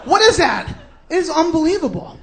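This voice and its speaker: Brief: male stand-up comic, New York accent, high-pitched, sarcastic, shouty rants. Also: big pitch swings, fairly quick. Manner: brash, sarcastic ranting with sudden shouts. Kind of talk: stand-up comedy routine.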